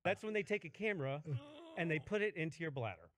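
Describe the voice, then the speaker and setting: A man's voice: fairly high pitch, sing-song, fast talker, fairly bright tone. A man telling a comic story in casual chat, ranting and swearing, acting out other people's voices.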